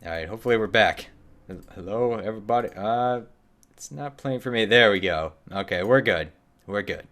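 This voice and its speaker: A young man talks his viewers through a game in a loose, joking stream chat, his voice sitting a little low. He keeps it chatty and relaxed, now and then slipping into a playful put-on accent for the characters he meets. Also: moderate pace. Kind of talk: casual live-stream gameplay chat.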